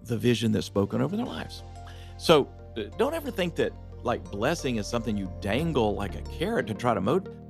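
A man, a pastor telling lively stories as a guest in a studio conversation. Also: medium pitch, a little fast, creaky, soft background music. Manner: lively, acts out voices in his stories. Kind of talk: animated storytelling in a studio conversation.

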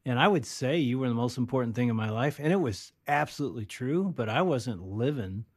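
A man's voice: medium pitch, expressive, a little fast. A man in his fifties, a pastor co-hosting a casual chat, reflective and given to teasing interjections. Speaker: co-host, pastor.

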